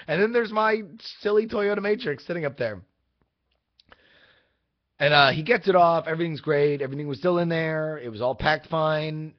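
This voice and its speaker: A young man hosting a video, telling a casual, rambling story in an exasperated, animated way. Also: fairly high pitch. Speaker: vlog host. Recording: dull lo-fi audio.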